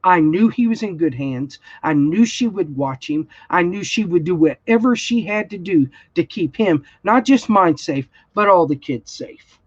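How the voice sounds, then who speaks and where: A woman's voice: fairly low pitch, expressive, normal speed, hardly any pauses, breathy edge, no echo. A woman, telling a story in a blunt, heated way during a casual livestream chat. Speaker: crafting channel host. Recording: dull, slightly lo-fi sound.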